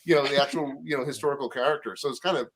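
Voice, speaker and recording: A man's voice: medium pitch, rapid-fire, a crowd in the background, low-quality recording. A man co-hosting a podcast who rambles enthusiastically about films and shows, with many fillers. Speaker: podcast co-host. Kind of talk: casual chat.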